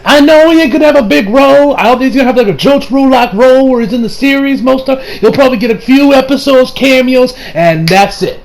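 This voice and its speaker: A young man casually reviewing an anime episode, excitable and profane, rambling with many restarts and acting out scenes. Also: extremely high pitch, quick pace, creaky, hardly any pauses.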